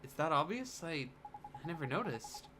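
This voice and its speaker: A man's voice: on the high side, big pitch swings, normal speed, background noise, voice pushed up. A man reading as an earnest young boy hero.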